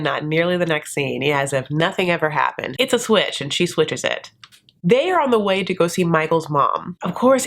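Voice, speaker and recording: Female recap host from the States, sarcastic casual delivery, slightly low pitch. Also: a bit bright. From United States. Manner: sarcastic, chatty, does mocking voices for the cast. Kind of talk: casual commentary.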